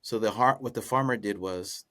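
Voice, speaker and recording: A man's voice: fairly low pitch, moderate pace, a bit bright. Man casually retelling a folk tale. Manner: rambling, amused retelling. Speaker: podcast host. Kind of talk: casual comedic storytelling.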